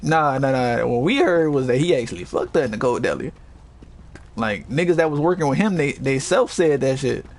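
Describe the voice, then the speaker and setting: Lively man telling wild work stories. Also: medium pitch, normal speed, slight background noise. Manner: animated, profane storytelling with lots of quoted dialogue. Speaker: host. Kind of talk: casual chat, storytelling.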